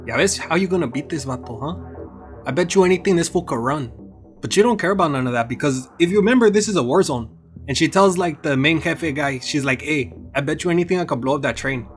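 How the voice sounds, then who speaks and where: A man's voice: a little high, animated, fairly quick, faint music behind. A man doing a comedic anime episode recap, mixing in Spanish slang and playful put-on voices.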